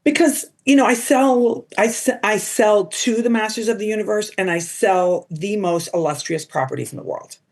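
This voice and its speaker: Chatty woman telling animated stories. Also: mid-range voice, normal speed, few pauses. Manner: animated, quotes people in put-on voices, lots of "like". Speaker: podcast guest. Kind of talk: casual storytelling interview.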